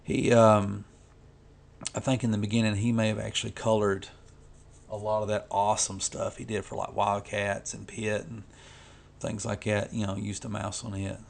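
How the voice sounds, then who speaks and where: Gravelly low-voiced man rambling. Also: flat delivery, normal speed, a little hiss or hum. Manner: rambling, full of "you know" and restarts. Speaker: comic artist vlogger. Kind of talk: casual rambling talk while coloring.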